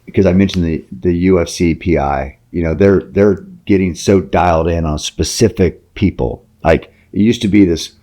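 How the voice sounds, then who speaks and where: A middle-aged man hosting a podcast, talking in a halting, rambling way full of fillers. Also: sits low, mellow. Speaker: podcast host. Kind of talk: casual podcast chat.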